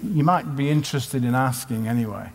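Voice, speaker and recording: A man's voice: medium pitch, brisk, vocal fry, slight background noise. A man preaching at a conference in a conversational way, asking many rhetorical questions. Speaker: conference speaker. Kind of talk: sermon. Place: conference hall. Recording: live hall with long reverb.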